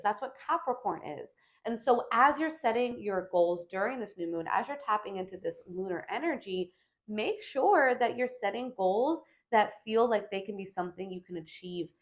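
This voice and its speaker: A woman at a middle pitch speaks straight to her viewers as she walks through the week's astrology. Her delivery is animated and emphatic, and she often tags her points with a quick "right?". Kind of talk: weekly forecast monologue.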